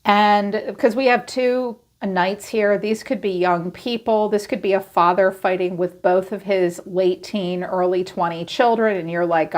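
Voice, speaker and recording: A woman giving a casual tarot reading, chatty and blunt, swearing freely and acting out what people think. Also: mid-range voice. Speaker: tarot reader.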